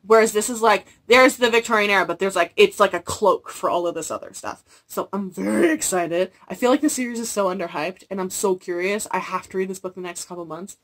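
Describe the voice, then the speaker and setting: A young woman in a casual book haul video, animated and gushing, with exaggerated reactions. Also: medium pitch, brisk, few pauses. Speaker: book vlogger.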